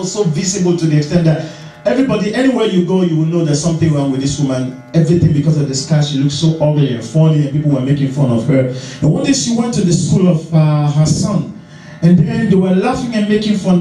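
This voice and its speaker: A man preaching a sermon as pastor, animated and repetitive, acting out the voices in his stories. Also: high voice, far from the mic. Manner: animated, acts out voices, repeats phrases. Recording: echoey church hall, heard from afar.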